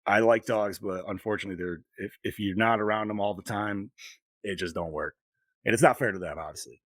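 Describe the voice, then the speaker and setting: A man's voice: on the low side, fairly quick, a bit bright, no room sound. A middle-aged man co-hosting a podcast, telling long rambling stories full of swearing in casual chat. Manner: profane, rambling storytelling. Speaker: podcast co-host.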